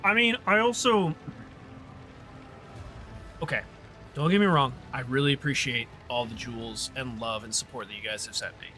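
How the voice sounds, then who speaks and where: A man's voice: medium pitch, moderate pace, pauses often, bright, forceful tone, soft background music. A man streaming a game, chatting casually with his viewers in a rambling way, often trailing off and restarting. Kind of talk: casual livestream chat while gaming.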